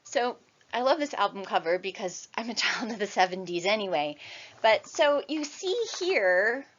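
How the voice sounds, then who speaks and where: A woman's voice: mid-range voice, lively intonation, moderate pace, fairly bright tone. Chatty woman lecturer, muffled sound. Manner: conversational, tags sentences with "right?". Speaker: university lecturer. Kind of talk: recorded classroom lecture.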